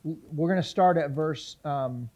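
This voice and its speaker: Male pastor teaching scripture, higher-pitched voice, casual questions to the congregation. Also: takes it slowly, a little mellow. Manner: conversational teaching with questions to the audience; reads scripture aloud. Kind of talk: sermon, Bible teaching.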